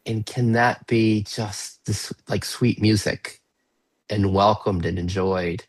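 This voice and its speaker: Over a video call, a workshop facilitator with a low, slightly husky voice guides a small group through a reflective exercise, speaking slowly and gently with fairly even intonation. He asks open, inviting questions, with occasional playful bursts. The audio is dry, close, and poor, with no room sound.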